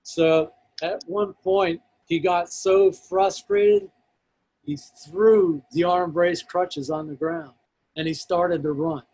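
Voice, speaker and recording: A male guest on a talk show tells a story with earnest detail. His voice sits a little high for a man, and he gives each step of the story its place. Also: steady tone, slow, a little mellow, low-quality recording.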